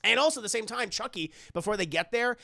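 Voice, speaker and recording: A man's voice: high-pitched, expressive, quick pace, gravelly, pushed and bright, no room sound, studio quality. A man casually retelling a horror movie to a livestream chat, rambling and profane, often talking straight to the viewers. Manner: rambling, profane, talks to chat, many restarts. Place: home streaming setup.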